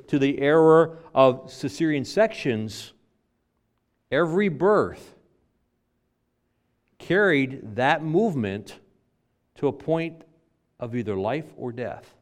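Man, middle-aged, preacher, sermon storytelling, repeats words, dynamic volume. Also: a little high.

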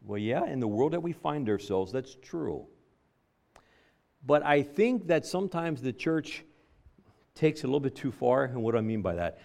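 A man's voice: mid-range voice, big pitch swings, normal speed, gravelly, darkish tone. A man preaching a sermon, driving points home by repeating phrases. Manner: emphatic preaching with stacked repetitions.

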